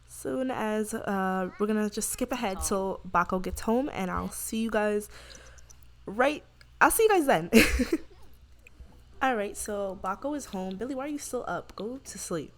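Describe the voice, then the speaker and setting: A young woman giving casual let's play commentary, chatty and full of fillers and quick asides. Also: mid-range voice. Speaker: gaming YouTuber.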